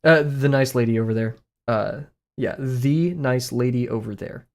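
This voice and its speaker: A man's voice: medium pitch, moderate pace, a little mellow. Rambling young Southern man streaming. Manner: rambling, self-deprecating, chuckles often. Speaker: art streamer. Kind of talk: casual thinking-aloud live stream.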